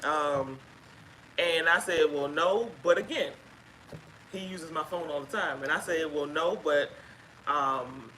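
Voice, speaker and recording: A woman casually telling a personal story on a live stream, chatty and halting with fillers, acting out what others said. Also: sits low, pushed and bright, a little hiss or hum, low-quality recording. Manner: chatty, halting with fillers, acts out quoted speech. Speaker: guest sharing her story.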